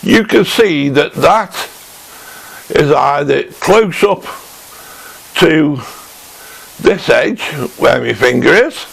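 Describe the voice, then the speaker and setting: A man giving a casual show-and-tell review of a woodworking tool in his home workshop, talking slowly and thinking aloud with restarts, picked up on a camera mic as he handles the tool. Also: a little high, vocal fry, a bit bright, poor audio.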